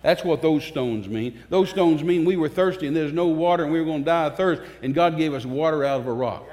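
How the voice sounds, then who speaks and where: A man with a voice on the high side and a darkish tone preaches fervently to a church congregation, emphatic and pausing, repeating phrases for force. The long reverb of the church sanctuary fills the recording.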